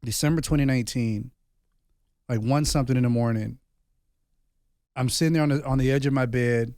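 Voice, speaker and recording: A man's voice: medium pitch, fairly even intonation, brisk, a little mellow, no room sound, studio quality. A man in his thirties, a podcast host and former pastor, telling personal stories in a candid, earnest way. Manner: earnest, confessional storytelling peppered with "bro". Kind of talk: candid conversation.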